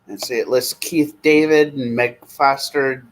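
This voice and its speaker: A man's voice: mid-range voice, fairly even intonation, a little hiss or hum, low-quality recording. A man in his thirties hosting a live stream, chatting casually and rambling at an easy pace. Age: 30s. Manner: rambling, easygoing, slow when reading names aloud. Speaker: streamer host.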